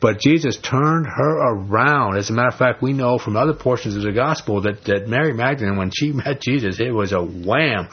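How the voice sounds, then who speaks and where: Husky blunt preacher man. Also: mid-range voice, a little fast, few pauses, lo-fi sound. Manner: blunt, emphatic preaching with casual slang. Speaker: pastor. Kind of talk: sermon.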